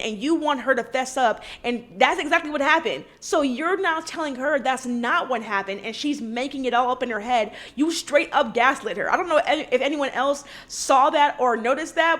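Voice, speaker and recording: A high-pitched woman chats through a reality TV recap in a casual, sassy way. She gives her opinions bluntly and calls out the people on screen directly. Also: fairly bright tone. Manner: opinionated, sassy, talks straight to the cast.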